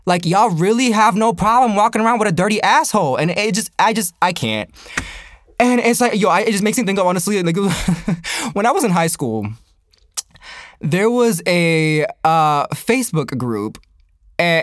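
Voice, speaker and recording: A young man ranting in a casual comedic way, profane and animated, laughing often, his voice jumping up when he gets worked up. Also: sits high, normal speed, no room sound, studio quality.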